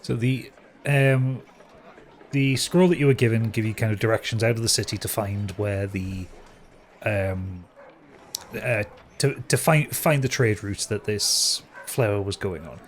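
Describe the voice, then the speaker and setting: A man's voice: fairly low pitch, unhurried, slight background noise. A man narrating a tabletop game as game master, rambling with many fillers and hesitations.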